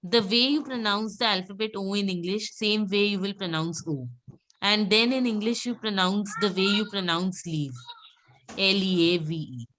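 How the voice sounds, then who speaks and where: Lady teaching a class, mid-pitched voice, says words slow and again and again for students. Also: background noise. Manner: patient, repeats words slowly for students to echo; calls on students by name and praises. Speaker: French teacher. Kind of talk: live class pronunciation drill.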